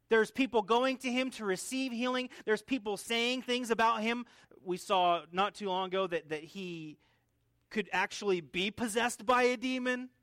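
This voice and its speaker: A man's voice: sits high, fairly bright tone, dry recording, clean studio sound. A male pastor preaching an expository sermon in an earnest teaching manner, often restarting and repeating words. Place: church.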